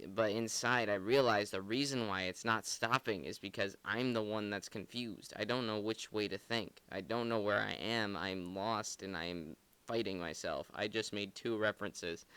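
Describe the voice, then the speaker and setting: Talking through song lyrics, a male podcast host rambles loosely and earnestly, filling his speech with filler words. His slightly low voice sounds bright, forceful, smooth, and clear, with fairly even intonation at normal speed; the audio is dry, close, and free of echo.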